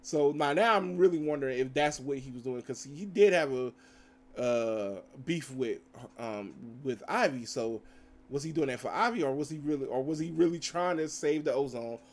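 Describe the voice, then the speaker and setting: A man's voice: on the high side, normal speed. A man reviewing cartoon episodes, retelling scenes in a loose, rambling way with acted-out quotes and frequent fillers. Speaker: show reviewer. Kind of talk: casual spoken recap.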